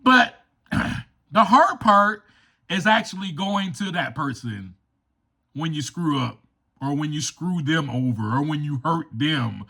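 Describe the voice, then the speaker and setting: A man's voice: sits high, gravelly. A man hosting a recovery podcast, talking in an emphatic, preachy monologue and acting out quoted voices. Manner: animated, acts out quoted voices. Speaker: podcast host.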